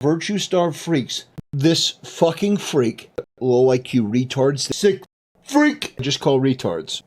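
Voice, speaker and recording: Sneering man with a high-set voice. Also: darkish tone. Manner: contemptuous, clipped name-calling. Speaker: YouTube commentator. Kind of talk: supercut of online commentary rants.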